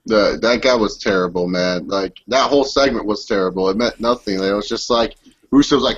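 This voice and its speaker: A man's voice: fairly low pitch, brisk, slightly rough. A man co-hosting a casual wrestling podcast, blunt and opinionated. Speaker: podcast co-host. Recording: slightly dull, lo-fi sound.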